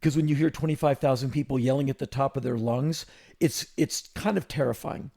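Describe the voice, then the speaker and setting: A man in his fifties, hosting a podcast and telling a long story in a casual, animated way, with quick restarts. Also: medium pitch, gravelly. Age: 50s. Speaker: podcast host.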